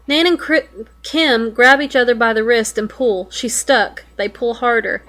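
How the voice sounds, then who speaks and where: Young woman, slightly high voice, reads a web story aloud and reacts with casual swearing and sudden alarm. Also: fairly even intonation, measured pace, fairly bright tone. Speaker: web fiction reader reacting.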